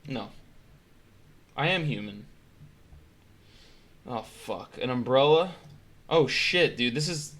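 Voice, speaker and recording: Male streamer reacting, bright, animated, jokey and profane. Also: medium pitch, slow, pauses often. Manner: joking, swearing, laughing often. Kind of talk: casual reaction commentary.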